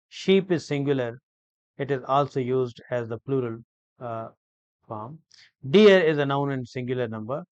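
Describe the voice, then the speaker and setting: A man teaching an English grammar lesson, explaining each word slowly and deliberately, with frequent hesitations and repeated phrases. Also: medium pitch, no room sound, muffled recording. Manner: slow, deliberate, repetitive explanation with many hesitations.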